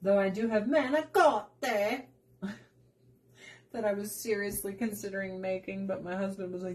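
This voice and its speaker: A woman's voice: mid-range voice, takes it slowly, creaky, pauses often, slight background noise. A young adult woman hosting a cooking vlog, chatting casually as she cooks, laughing often and slipping into playful voices. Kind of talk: casual chat while cooking.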